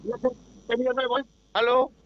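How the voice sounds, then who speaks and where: A fast-talking man with an Indian English accent calls in as a shareholder and keeps addressing the panel as "sir". His voice is high and quick, and the line sounds dull and muffled. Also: fairly even intonation, a little hiss or hum. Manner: deferential, says "sir" constantly, switches into Hindi. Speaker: shareholder caller. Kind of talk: call-in question at a meeting. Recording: muffled phone-line audio.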